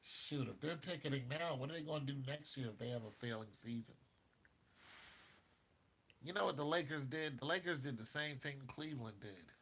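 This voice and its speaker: A man hosting a casual basketball talk show, animated, laughing often and talking straight to his viewers. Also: mid-range voice, moderate pace, slightly rough. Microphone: streaming mic.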